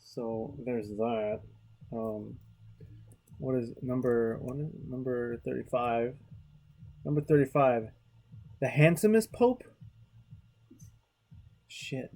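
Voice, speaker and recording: This is a relaxed artist chatting casually while drawing. The voice is dark and mellow, and sits in the middle of the pitch range. They ramble along, swear freely, and restart their sentences. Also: slow pace, long pauses. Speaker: artist hosting a drawing video.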